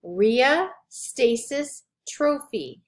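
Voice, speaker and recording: A woman instructor giving a recorded lecture, drawing out each term with slow, deliberate enunciation. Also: on the high side, lively intonation.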